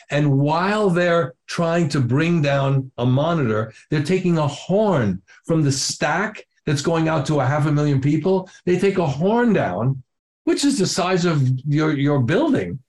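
Older man, lively animated storyteller. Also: a little high, measured pace. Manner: lively storyteller who acts out quotes and swears casually. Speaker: interview guest, drummer. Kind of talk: animated anecdote telling.

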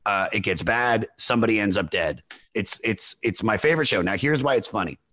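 A man hosting a podcast, telling rambling stories in excited casual chat. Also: fairly low pitch, fairly quick. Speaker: podcast host.

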